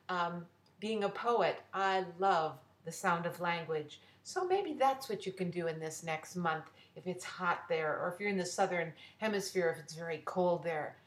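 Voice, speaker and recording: Slow, deliberate woman reading a story. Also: on the low side. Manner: slow and deliberate, spelling words out. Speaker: poet and storyteller. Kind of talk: reading a children's story aloud. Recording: roomy echo.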